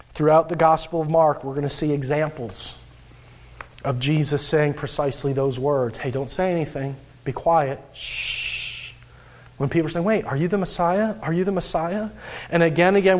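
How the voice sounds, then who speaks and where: Male pastor, slightly high-pitched, relaxed sermon delivery that acts out inner voices. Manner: conversational, acting out inner voices, frequent "uh" restarts.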